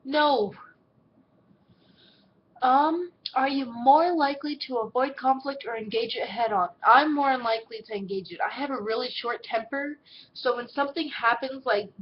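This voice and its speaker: A teenage girl with a twang and a fairly high voice, answering fan questions in a casual home vlog. She talks bluntly, swears freely and slips into quick put-on voices when quoting people. The recording is a little dull and has a faint hiss under it. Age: teens. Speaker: vlogger answering viewer questions.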